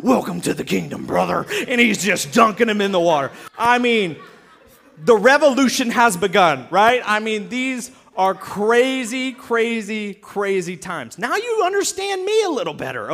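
A man's voice: sits high, fairly bright tone. A male pastor preaching a sermon, telling the story with jokes and acted-out asides.

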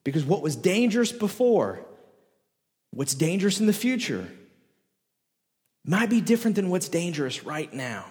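Preaching a sermon in a large church hall with long, lingering reverb, a high-voiced male pastor keeps circling back to one rhetorical question with emphatic repetition. He is very animated, speaks at normal speed, pauses often, and has a darkish tone.

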